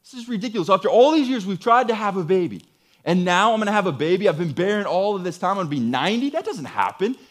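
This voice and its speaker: A man's voice: sits high, expressive, quick pace, fairly bright tone, pitched above the performer's own voice. A man doing a scoffing old woman. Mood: incredulous. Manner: incredulous, exclaiming.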